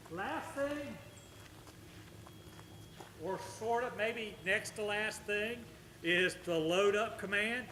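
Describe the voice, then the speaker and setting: Bright-voiced dog trainer. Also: male voice, high-pitched, slow pace, long pauses. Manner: talks to the dog in soft praise, explains to camera. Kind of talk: casual demonstration. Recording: faint background noise.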